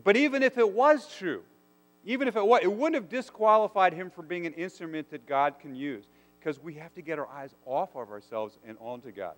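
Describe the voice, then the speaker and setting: A man's voice: high voice, lively intonation, a little fast, fairly bright tone. A man preaching a sermon, earnest and asking his listeners questions. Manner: earnest, asks the congregation rhetorical questions. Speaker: pastor. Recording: long hall reverb.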